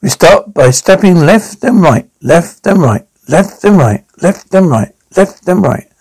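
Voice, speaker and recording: A man's voice: high voice, expressive, a little slow, a little mellow, husky, heavily acted. A man voicing a kindly older vampire grandfather who cheerfully leads children through a dance in a cartoon.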